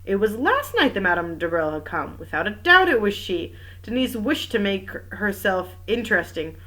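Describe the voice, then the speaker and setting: A woman's voice: mid-range voice, big pitch swings, normal speed, sharp tone, poor audio. A woman reading the part of a stubborn, gossipy old female French servant, speaking firmly and with emphasis.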